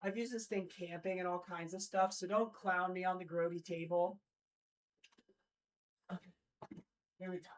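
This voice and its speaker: A woman's voice: fairly low pitch, steady tone, normal speed, pauses often, slight background noise. Young woman streamer, loose and rambling, lots of ums, chatting with viewers at home. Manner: chatty, rambling, many fillers, talks to chat while working. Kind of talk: casual live-stream chat.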